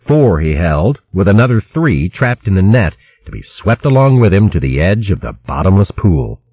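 A man narrating a fantasy adventure in a dramatic, expressive audiobook reading. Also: sits low, moderate pace, husky. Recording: dull lo-fi recording.

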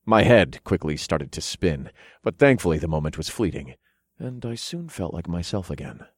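Low voice guy reading a fantasy novel in first person, dry close sound. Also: normal speed, dry recording. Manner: low steady storytelling, voices characters. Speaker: audiobook narrator. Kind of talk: first-person fiction narration.

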